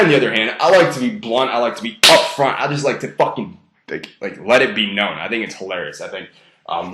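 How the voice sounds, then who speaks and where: Blunt, profane man with low voice. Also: pushed and bright, roomy sound. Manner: blunt, profane and self-amused; stresses key words heavily. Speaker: dating advice coach. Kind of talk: casual instructional monologue.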